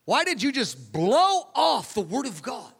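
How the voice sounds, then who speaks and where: A man's voice: very high voice, wildly swooping pitch, unhurried, vocal fry, a bit bright, breathy edge, pitched above the performer's own voice, full character voice. A man voicing a stern, disappointed old prophet who presses hard with accusing questions. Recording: long hall reverb.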